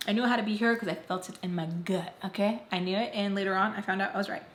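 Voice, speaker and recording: A woman recounts a storytime for her vlog in an emphatic, candid way, not shy of blunt swearing. Her voice sits at an ordinary middle pitch. It is recorded in a roomy, echoing space with a faint hiss underneath. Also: fairly even intonation, fast talker. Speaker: vlogger. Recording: roomy echo, faint background noise.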